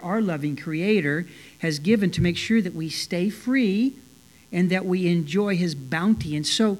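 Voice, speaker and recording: A pastor delivers a Bible teaching in a loose, conversational way, filling pauses with small asides and restarting his sentences. He grows earnest and lifts his voice whenever he drives a point home. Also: fairly high pitch. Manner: conversational, many "you know" fillers and restarts; earnest, rising with emphasis. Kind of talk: expository sermon.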